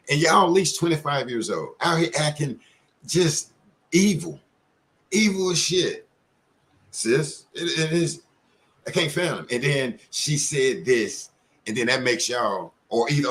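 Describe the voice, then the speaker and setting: A man's voice: fairly high pitch, fairly bright tone. Male panel host, blunt and profane, rambling heated talk over an online call.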